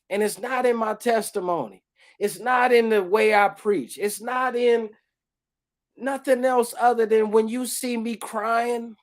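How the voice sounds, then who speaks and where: A man co-hosting a faith podcast, sharing an emotional testimony in casual talk, swinging from loud bursts to hushed lines and breaking into tearful laughter. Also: high-pitched. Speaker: podcast co-host.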